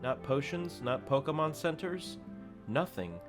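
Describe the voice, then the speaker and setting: A man voicing a gruff, quiet teenage boy from a video game, reading the lines low and subdued over faint game music. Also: brisk, natural voice. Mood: somber.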